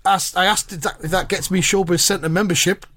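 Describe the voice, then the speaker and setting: A man co-hosting a podcast, telling an absurd story in a dry, deadpan way. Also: high-pitched, fairly quick. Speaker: podcast co-host.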